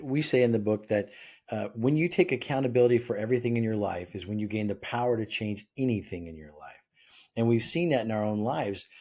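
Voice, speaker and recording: Husky, mellow-voiced man acting out voices. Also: mid-range voice. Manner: animated, acts out quoted voices. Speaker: author and podcast guest. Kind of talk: conversational interview.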